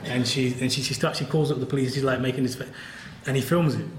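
Brief: quick, candid male professor, wry and laughing, roomy hall sound. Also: mid-range voice, steady tone, a little hiss or hum. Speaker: professor and author. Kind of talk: conversational talk at a book event.

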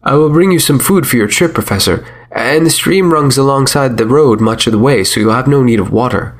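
A man's voice: medium pitch, fairly quick, voice pushed up, natural voice. A man reading a story, voicing a blunt, plainspoken village woman with a scolding edge. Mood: helpful. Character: blunt, strong village woman chewing quat. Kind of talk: audiobook character voice.

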